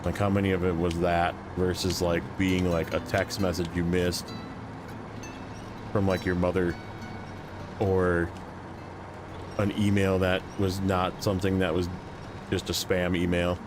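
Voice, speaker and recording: A man's voice: sits low, flat delivery, unhurried, long pauses, background noise. A man streaming a game, chatting casually with viewers in a rambling, joking way full of fillers. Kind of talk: casual gameplay chat with chat.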